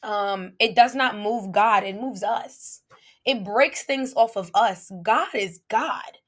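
A woman with giving a casual, preachy faith talk to her viewers, lively and playful with laughing asides. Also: medium pitch, slow. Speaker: faith vlogger.

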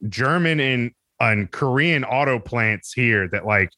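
A man's voice: medium pitch, lively intonation, takes it slowly, sharp tone, no echo. A man chatting casually on a podcast, rambling and swearing with lots of laughs. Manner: rambling, profane, laughs a lot. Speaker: podcast co-host or guest.

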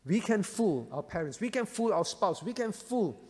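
A man's voice: sits high, very animated, moderate pace, darkish tone, long reverb tail. A male pastor preaching a sermon, emphatic and repeating key phrases for weight.

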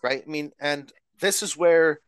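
A man's voice: a little high, a little slow, clear, resonant tone, no echo. Man explaining in a dry, close sound. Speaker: roundtable guest. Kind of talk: podcast discussion.

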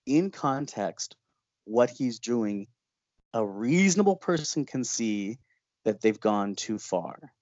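A man of ordinary pitch tells stories in an interview. He laughs often and jumps into playful voices for the people he quotes. The sound is dry and slightly muffled. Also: animated, slow pace, darkish tone, no echo. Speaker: horror filmmaker. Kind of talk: animated interview storytelling.

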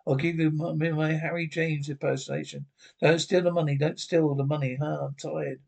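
Guy acting as a twitchy, money-hungry little band manager, stammering, kinda high voice. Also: little pitch movement, normal speed, gravelly. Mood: jittery. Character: short scheming male band manager, nervous and greedy. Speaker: greedy rock manager. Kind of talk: TV horror anthology acting.

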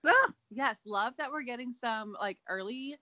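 A woman's voice: on the high side, a little slow, pushed and bright, no room sound, poor audio. A young woman co-hosting a casual chat podcast, chatty and playful, filling her talk with "like". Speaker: podcast co-host.

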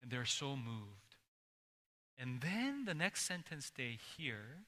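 A man preaching a sermon as pastor, dramatic, swinging between loud emphasis and hushed, near-whispered lines. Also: medium pitch, very animated, slow pace. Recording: long hall reverb.

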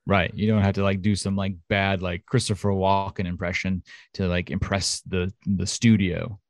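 A man with a lowish voice chats eagerly as a podcast co-host, piling on fillers as he goes. The recording is close and dry, with no room sound. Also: flat delivery, normal speed, no room sound. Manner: chatty, enthusiastic, lots of fillers. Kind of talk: casual chat. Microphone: home studio mic.

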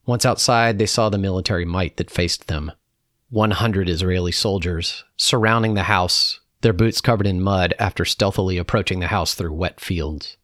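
Low-voiced man reading calmly. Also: moderate pace, dry recording, studio quality. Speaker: narrator. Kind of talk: reading a personal reflection aloud.

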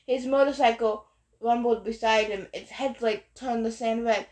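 A woman narrating a novel in the first person in a steady storytelling manner. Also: a little high, normal speed, roomy sound. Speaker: audiobook narrator.

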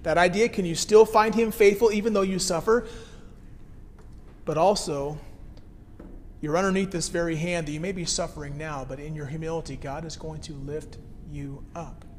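Male pastor, 30s, slightly high voice, relaxed sermon delivery, reverberant hall sound. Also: normal speed, a little hiss or hum. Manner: conversational, reads scripture then explains it plainly. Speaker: care pastor.

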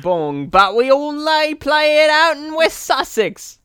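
A man voicing a haughty Londoner in a put-on London accent, loud and exaggerated. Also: extremely high pitch, sing-song, takes it slowly, no room sound, studio quality, pitched above the performer's own voice, heavily acted. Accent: London English, put on. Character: pompous London man dismissing baseball.

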